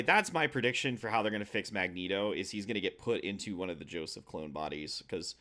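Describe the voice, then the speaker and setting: A man's voice: low voice, fairly bright tone. A man co-hosting a casual comics podcast, chatting and guessing about stories. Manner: chatty, speculative. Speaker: podcast co-host. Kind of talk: casual chat.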